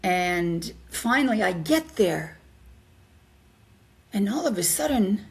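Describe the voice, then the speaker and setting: An older woman, a guest in an interview, telling a personal story in an animated way and acting out the voices she quotes. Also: medium pitch, takes it slowly, long pauses.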